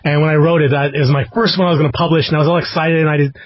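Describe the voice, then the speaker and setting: A man's voice: on the high side, steady tone, rapid-fire, no echo. A man hosting an interview, talking in an easygoing, encouraging way. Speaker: podcast host and audiobook narrator. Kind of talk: casual interview chat. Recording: dry, dull podcast audio.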